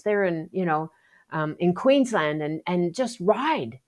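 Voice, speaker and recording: A woman's voice: fairly low pitch, takes it slowly. A woman from Canada, a Paralympic athlete guest telling her story in a casual podcast interview, acting out quotes with lots of restarts. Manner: animated storyteller, acts out quotes, frequent restarts.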